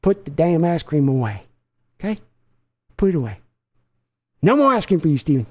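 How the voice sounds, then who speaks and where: A man voicing a bossy, boastful older team owner who scolds his grown son, loud and drawling. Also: on the high side, big pitch swings, moderate pace. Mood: scolding.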